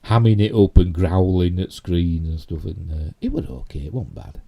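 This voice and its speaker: A man's voice: low voice, lively intonation, normal speed, creaky, highs cut off. A middle-aged man with a Yorkshire accent, hosting a casual live stream and rambling chattily with self-mocking asides. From Yorkshire, England. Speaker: YouTube host.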